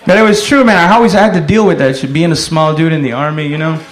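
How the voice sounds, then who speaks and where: Male stand-up comic, rowdy storyteller, high-pitched, room echo. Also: fast talker, a faint crowd. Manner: rowdy storytelling with loud shouted voices. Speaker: stand-up comedian. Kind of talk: stand-up comedy set.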